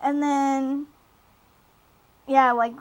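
Poor audio captures a young adult woman whose high voice stays level as she draws out her words. As a podcast co-host, she casually recaps a TV episode, rambling with lots of laughs and filler words.

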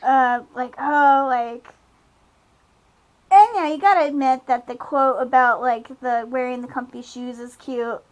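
A woman's voice: high voice, unhurried, dull audio. A young adult woman co-hosting a casual podcast about a TV show, rambling with lots of fillers and laughs. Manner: rambling, giggly, many fillers. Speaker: podcast co-host. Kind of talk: casual chat recapping a TV episode.

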